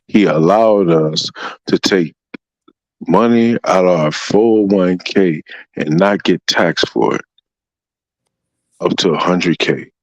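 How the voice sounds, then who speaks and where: A man's voice: sits low, no room sound. A man talking in casual chat, rambling and often saying "you know what I'm saying". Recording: dull dry sound.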